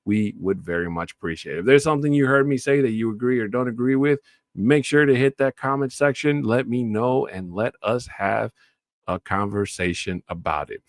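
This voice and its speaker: A man hosting a solo sports talk show, chatting casually about the week's games and breaking into loud, enthusiastic shout-outs. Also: medium pitch, normal speed, no echo, clean studio sound.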